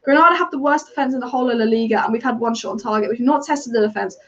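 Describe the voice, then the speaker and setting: A woman's voice: fairly high pitch, a bit bright, highs cut off. A woman hosting a live football watch-along stream, chatty and opinionated, reacting to the match and reading viewer comments. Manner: chatty, opinionated, rapid-fire. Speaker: football fan channel host.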